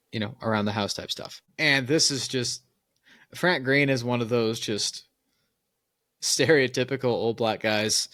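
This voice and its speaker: A man's voice: fairly low pitch, a bit bright, no room sound, clean studio sound. A man co-hosting a podcast in casual chat, an opinionated storyteller who laughs at his own tales. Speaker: podcast co-host.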